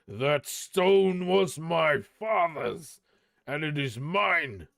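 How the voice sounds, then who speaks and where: Brief: a proud, raging dwarf king, as a man reading aloud puts him on, slow and weighty. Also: mid-range voice, animated, a bit bright, dry recording, studio quality. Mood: wrathful.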